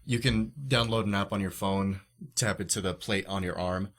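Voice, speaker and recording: A young man in a loose podcast chat, his voice on the low side. He rambles, swears a lot and makes sarcastic jokes. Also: fairly even intonation, normal speed, a bit bright.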